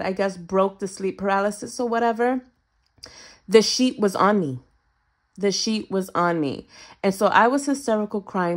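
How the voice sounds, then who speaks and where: A young adult woman vlogger telling a personal story to her viewers in a casual, animated way, often addressing them as "you guys". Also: mid-range voice. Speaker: budgeting vlogger.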